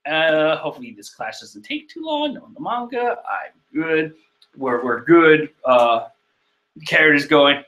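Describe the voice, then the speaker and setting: Excitable bright-voiced man riffing on manga. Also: a little high, measured pace. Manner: excitable, swears, laughs, trails off. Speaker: manga chapter reader and reactor. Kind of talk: casual rambling commentary.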